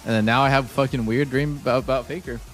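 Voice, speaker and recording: A man's voice: medium pitch, fairly even intonation, fast talker, soft background music. A man streaming a casual chat to his viewers, rambling and swearing with lots of "like". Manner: rambling and profane, heavy use of "like". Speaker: game streamer.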